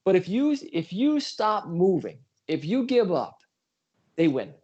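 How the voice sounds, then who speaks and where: A man's voice: sits high, sing-song, a little slow, darkish tone, slightly rough, lo-fi sound. A middle-aged man hosting a casual livestream, telling stories earnestly and apologizing for talking too long. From Western New York. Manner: earnest storytelling, apologetic, self-deprecating asides. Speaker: political candidate hosting a livestream.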